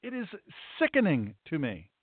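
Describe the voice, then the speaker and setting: A middle-aged pastor hosting a talk show gives an emphatic, preachy monologue, repeating his points for punch. His voice sits fairly high for a man. The sound is dry and tinny, like a phone line. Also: huge pitch swings, normal speed, slightly rough, dry recording.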